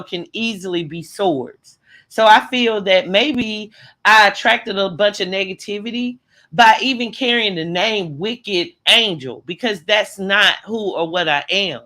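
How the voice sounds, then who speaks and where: Middle-aged woman, casual livestream host; bright tone, lively slangy delivery, home webcam mic. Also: medium pitch. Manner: animated, greets viewers by name, slangy. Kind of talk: casual livestream commentary, greeting chat.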